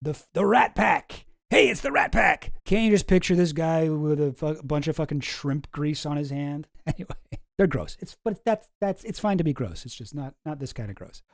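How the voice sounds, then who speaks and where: A man's voice: a little high, lively intonation, normal speed, a little mellow, dry recording, studio quality. A man hosting a commentary channel, talking in a casual, rambling, sarcastic way and swearing often.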